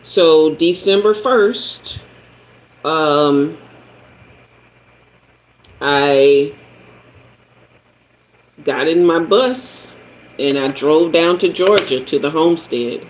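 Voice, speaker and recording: Man hosting a live chat, unhurried and personal, voice sits a bit high. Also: poor audio. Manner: chatty, personal storytelling, answers viewers by name. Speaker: livestream host, tarot reader. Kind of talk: casual livestream storytelling.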